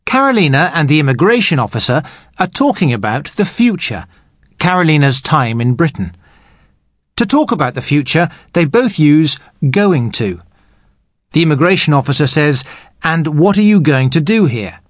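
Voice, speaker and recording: A man speaking as an English teacher, giving a scripted lesson in a slow, clear way. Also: on the high side, very animated, no room sound, clean studio sound.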